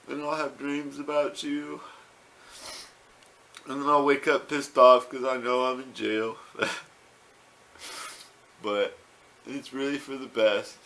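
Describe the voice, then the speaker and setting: A man's voice: mid-range voice, creaky, fairly bright tone, slight background noise. A man talking casually to a home camera, rambling with fillers and repeated words. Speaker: vlogger. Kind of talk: casual home video talk.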